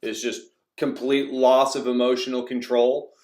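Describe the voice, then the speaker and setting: A man's voice: medium pitch, little pitch movement, a little slow, darkish tone. Rambling young man in an echoey room. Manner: rambling, many fillers and restarts. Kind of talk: casual storytelling.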